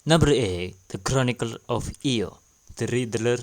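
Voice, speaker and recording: A man narrates a recap video. His English is a little broken and his delivery is plain and matter-of-fact. His voice is ordinary in pitch. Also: expressive, unhurried.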